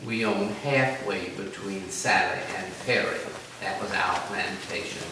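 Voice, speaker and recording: Deep-voiced and measured, this older South Carolina man reminisces in an oral history interview. His childhood tales wander in a folksy, self-deprecating way, and the recording has room echo, a distant mic and a noisy background.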